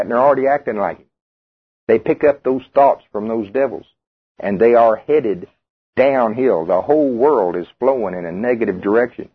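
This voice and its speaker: Husky preacher on tinny radio. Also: male voice, medium pitch. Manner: conversational, asks the congregation questions. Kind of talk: sermon.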